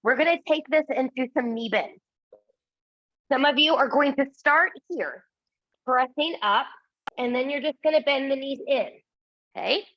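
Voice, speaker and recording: A woman's voice: high voice, normal speed, pauses often, dry recording, lo-fi sound. A woman instructor guiding a Pilates class, counting reps and giving encouraging cues, a little out of breath. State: slightly out of breath.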